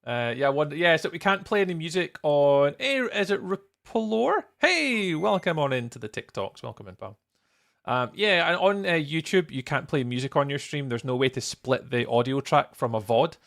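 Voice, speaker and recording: A man's voice: mid-range voice, moderate pace, fairly bright tone. A young Scottish man streaming a game build live, chatting casually, greeting viewers by name and laughing often. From Scotland.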